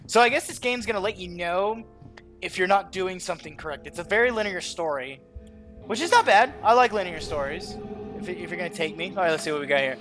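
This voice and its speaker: A man's voice: high voice, animated, fairly quick, over music. A young man from the American South, rambling chattily over a game he is playing. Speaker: gaming channel host. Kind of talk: casual game commentary.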